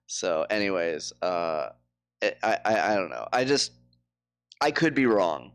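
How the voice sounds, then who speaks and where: Low-voiced rambling male streamer. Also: very animated, measured pace, a bit bright, faint music behind. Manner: rambling, filler-heavy. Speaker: game streamer. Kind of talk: casual live-stream chat.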